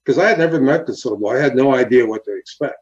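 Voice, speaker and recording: A man and former highway patrol officer telling a story in an interview, earnest and animated, acting out the quotes. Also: rapid-fire, lo-fi sound.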